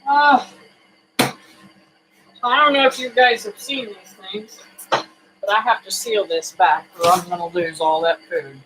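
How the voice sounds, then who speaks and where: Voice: mid-range voice, steady tone, measured pace, pauses often, noisy background. A homesteading vlogger chatting casually to camera in a home kitchen, folksy and rambling, with many fillers.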